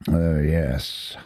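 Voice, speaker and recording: A man's voice: sits low, creaky, dark tone, husky, no room sound, studio quality. A middle-aged man from the Isle of Wight, chatting in a rambling way and swearing freely while he records his screen. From Isle of Wight, England. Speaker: Linux video host. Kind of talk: casual screen-recording commentary.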